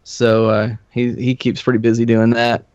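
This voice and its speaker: A middle-aged man, a podcast guest, telling old band stories in a relaxed, profane, laughing way. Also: medium pitch, normal speed, no echo. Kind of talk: casual storytelling. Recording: slightly muffled dry studio recording.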